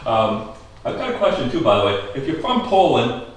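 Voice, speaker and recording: A man's voice: medium pitch, wildly swooping pitch, fairly quick, distant mic. Chatty man talking in an echoey room. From Maine. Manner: chatty, joking, asks the audience questions. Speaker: historical society host. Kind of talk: casual talk to a small audience. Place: schoolhouse room.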